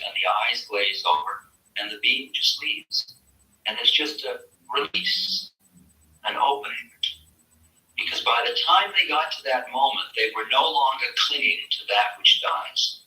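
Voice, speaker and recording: A man giving a spiritual talk at a workshop, telling his story in a lively way and acting out the voices in it. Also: mid-range voice, roomy sound, recorded from a distance, low-quality recording. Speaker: spiritual teacher.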